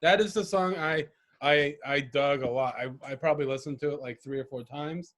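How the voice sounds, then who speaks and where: A man's voice: on the high side, moderate pace, fairly bright tone. A man co-hosting a casual podcast chat, rambling and profane, often laughing. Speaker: podcast co-host.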